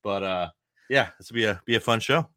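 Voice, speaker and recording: A man with a Northeastern US accent co-hosting a podcast, feeling under the weather with a slightly rough voice, talking in a relaxed, easygoing way. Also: on the low side, a little fast, no echo, clean studio sound. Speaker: podcast co-host.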